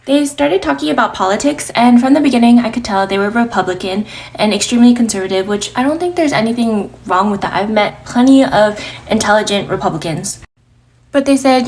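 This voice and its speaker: A woman's voice: on the high side, lively intonation, fairly quick, darkish tone. A woman who works as a server, chatting in a gossipy way during a get-ready-with-me vlog. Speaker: restaurant server.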